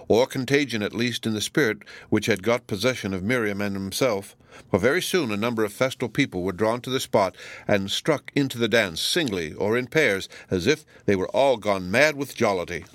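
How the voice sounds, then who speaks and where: A man reading a novel aloud as an audiobook narrator, with measured, even delivery. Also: on the low side, no room sound. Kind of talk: scripted narration.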